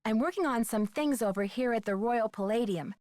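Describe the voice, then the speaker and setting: A woman's voice: on the high side, a little fast, darkish tone, no echo, studio quality, close to an everyday voice. An actress voicing a polite, inquisitive young woman detective in a game. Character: curious young female detective.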